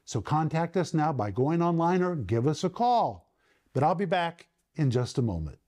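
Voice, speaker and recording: A man hosting a televised Bible teaching, speaking emphatically and slowing down to stress key words. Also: fairly high pitch, very animated, darkish tone, a little hiss or hum. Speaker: Bible teacher and program host.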